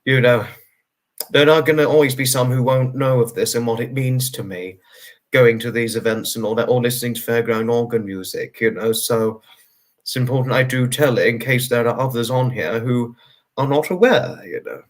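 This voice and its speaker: A man's voice: mid-range voice, moderate pace. A man hosting a livestream, answering viewer comments in a casual, rambling way. He sounds tired and talks earnestly, with many fillers, as he reassures his viewers. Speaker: livestream host.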